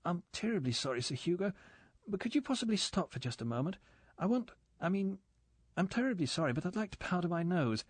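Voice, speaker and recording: A man's voice: mid-range voice, a little fast, no room sound, close to an everyday voice. A man voicing a nervous young woman who stammers out strangled, apologetic requests. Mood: flustered.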